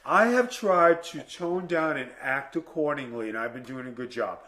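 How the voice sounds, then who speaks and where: A man's voice: medium pitch, moderate pace, bright, forceful tone. A man co-hosting a podcast, teasing and laid-back in casual banter. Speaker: podcast co-host.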